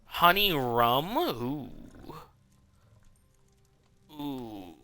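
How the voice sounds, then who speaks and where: A man's voice: mid-range voice, big pitch swings, drawn-out words, sharp tone, no echo, faint music behind. A man streaming a game who chats casually, swears freely and talks back to the characters on screen. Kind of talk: casual live gameplay chat. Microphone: desk microphone.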